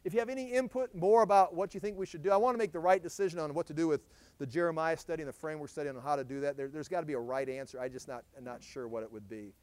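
A man teaching a Bible study as a pastor, reading scripture aloud and acting out the prophet's and God's words with sudden loud emphasis. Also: fairly high pitch, racing, no room sound. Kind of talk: sermon.

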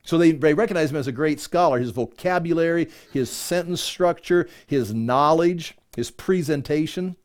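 A man's voice: fairly high pitch, moderate pace, few pauses, a little mellow. A man teaching from scripture in a conversational way, reading passages and then explaining them in casual, self-correcting asides. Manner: chatty, self-correcting, many "you know"s.

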